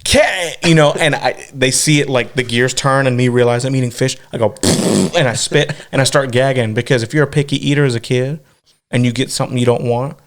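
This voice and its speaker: A man co-hosting a podcast, telling a story in a crude, animated way, acting out other people's voices and laughing often. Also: medium pitch, a little fast. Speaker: podcast co-host. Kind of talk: casual chat, storytelling.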